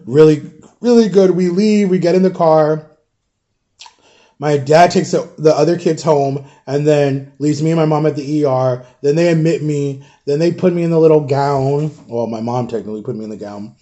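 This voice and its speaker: Mellow man rambling through a story. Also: fairly high pitch. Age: 30s. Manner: rambling, filler-heavy, addresses viewers as guys. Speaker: vlogger. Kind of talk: casual storytelling while eating.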